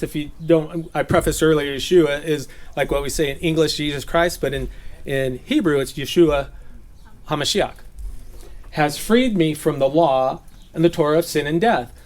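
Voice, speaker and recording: Chatty man teaching the Bible, slightly high voice. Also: a little mellow. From Southern California. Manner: conversational, laughs at own jokes, puts on silly voices.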